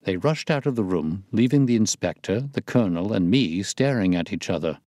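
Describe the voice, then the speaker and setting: A man narrating a classic detective story in a measured storytelling manner. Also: on the low side, lively intonation, mellow, no echo, studio quality. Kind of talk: scripted narration.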